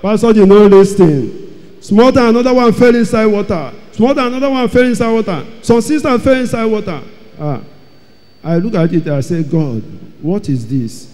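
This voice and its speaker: A man giving an emotional church testimony, telling his story dramatically and repeating phrases, his loudness rising and falling. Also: high-pitched, animated, normal speed. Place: large church hall. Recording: long hall reverb.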